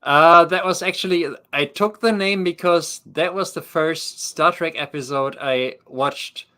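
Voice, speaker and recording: A man with a German accent chatting casually as a remote guest, halting with many fillers and dry humor. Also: a little high, sharp tone, clean tone. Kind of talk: casual chat.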